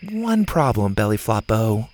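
A man's voice: fairly low pitch, very animated, unhurried, a little mellow. A man voicing a confident, teasing girl camper with a wry, sarcastic way of talking.

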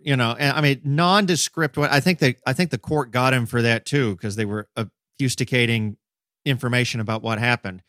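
A man co-hosting a casual podcast discussion, animated, acting out quotes in voices and building long metaphors. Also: mid-range voice, moderate pace, no echo, clean studio sound. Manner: talks in extended metaphors. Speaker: podcast co-host.

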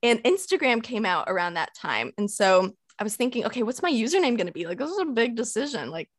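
A woman's voice: fairly high pitch, very animated, quick pace, no echo. Upbeat chatty young woman, dry sound. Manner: upbeat, chatty, laughs often. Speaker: podcast guest. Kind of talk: casual podcast conversation.

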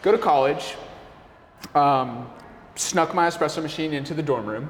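Animated young man telling a story, echoey room. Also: fairly high pitch, normal speed, a little hiss or hum. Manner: animated, laughing, full of "like" and "bro". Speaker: guest, café owner and barista. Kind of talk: casual storytelling in an interview. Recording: echoey room with long reverb.

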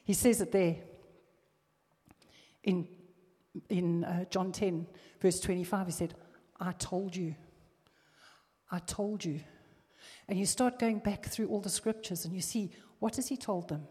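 A woman preaching with a mellow, unhurried delivery, her voice carrying a long reverb through a church hall. She reads scripture and presses each point with fervent emphasis. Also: medium pitch, breathy edge. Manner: emphatic, rising to fervent exhortation. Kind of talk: sermon.

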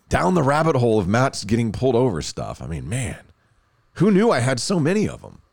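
A man, hosting a podcast and telling a story in a casual, animated way, laughing often and restarting phrases. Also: mid-range voice, normal speed, vocal fry, dry recording, studio quality. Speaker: podcast host.

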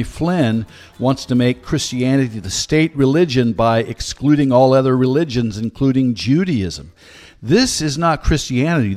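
A man's voice: medium pitch, darkish tone. Earnest man hosting a commentary podcast. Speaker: podcast host. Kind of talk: scripted commentary.

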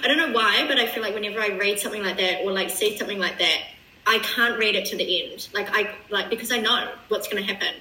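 A woman's voice: medium pitch, quick pace, sharp tone, reverberant, distant mic, rough recording. A woman from New Zealand, a podcast guest chatting casually and rambling with lots of filler words. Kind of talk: casual chat.

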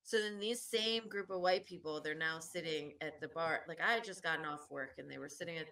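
A woman co-hosting a casual podcast, telling a story about her bar shift with plenty of laughs. She slips into little voices for the people she describes. Her tone is bright and forceful, sitting a bit low for a woman. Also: a little fast. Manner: animated storyteller, acts out voices, laughs often. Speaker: podcast co-host; bartender.

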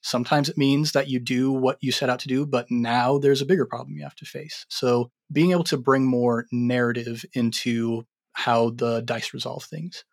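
A man who runs tabletop games, explaining his approach in a relaxed podcast chat. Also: medium pitch, moderate pace, gravelly, few pauses. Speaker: game master.

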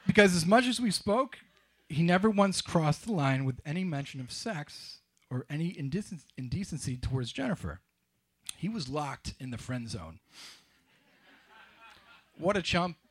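A man's voice: a little high, sing-song, moderate pace, husky. A man telling a personal story to a live audience in a wry, confessional way with dry humor.

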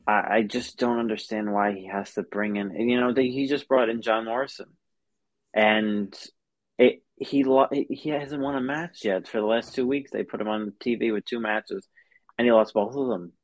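A man's voice: lowish voice, fairly even intonation, normal speed, dry recording. A man co-hosting a casual podcast, recorded dry and close with no room sound. He laughs easily and trips into stammered restarts as he talks. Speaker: podcast co-host. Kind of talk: casual wrestling podcast chat.

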